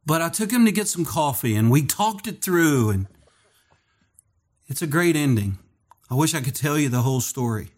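A man preaching a sermon as pastor, telling stories and acting out the dialogue in a higher voice. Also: normal speed. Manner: animated storytelling, acts out dialogue in a higher voice.

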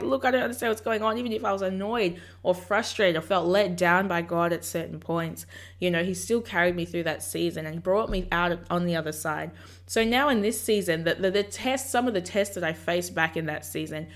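A woman hosting a podcast, talking casually and reflectively about faith and acting out her own inner dialogue. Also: fairly low pitch. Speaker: podcast host. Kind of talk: casual faith encouragement talk.

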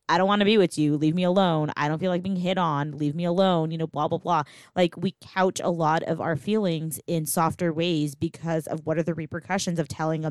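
A woman's voice: fairly low pitch, no echo, clean studio sound. A woman in casual podcast chat recapping a TV show, speaking emphatically and slipping into quoted lines. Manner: emphatic, quotes characters, swears. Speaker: podcast co-host.

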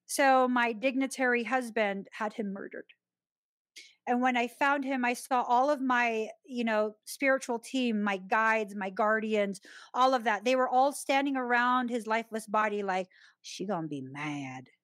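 A woman hosting a podcast, telling a personal story in a chatty, expressive way and often laughing. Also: a little high, normal speed, dry recording. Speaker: podcast host.

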